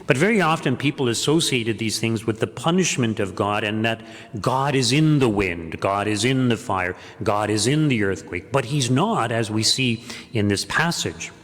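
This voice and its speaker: A man's voice: mid-range voice, lively intonation, moderate pace, a bit bright. A man preaching a homily at Mass as pastor, earnest, with emphatic repeated phrases. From Canada. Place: church. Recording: echoey church with long reverb.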